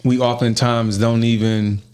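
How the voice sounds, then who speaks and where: A man hosting a podcast, telling a story in casual chat, profane and animated and often laughing. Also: medium pitch, unhurried. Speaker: podcast host.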